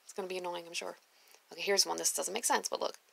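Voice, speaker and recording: A woman who used to teach preschool, reading her old notes aloud in a casual chat, gushing and dropping into soft whispered asides. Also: lowish voice, steady tone, fast, creaky, slightly rough, no room sound, poor audio.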